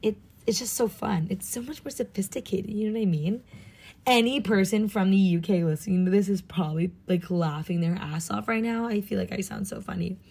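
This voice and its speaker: A woman's voice: medium pitch, brisk, vocal fry, mellow, slightly rough. A young American woman from Southern California, studying abroad and chatting casually in a bubbly, gushing way, saying "like" a lot and sounding tired and jet-lagged. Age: young adult. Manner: bubbly and gushing, heavy use of "like". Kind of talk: casual vlog chat.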